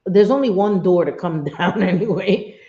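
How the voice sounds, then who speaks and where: In a casual livestream, a middle-aged woman speaks at a moderate pace with a low, dark voice and lively intonation. She chats freely with viewers at home, swearing, laughing often, and reading their messages aloud. Expect roomy, dull, lo-fi stream sound.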